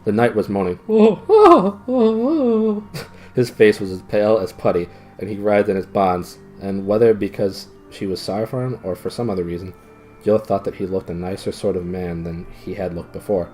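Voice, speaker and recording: Man streamer reading a novel aloud, casual, warm mellow voice. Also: low voice, steady tone, a little fast, faint music behind, rough recording. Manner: casual, with asides and stumbles. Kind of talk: live-streamed book reading.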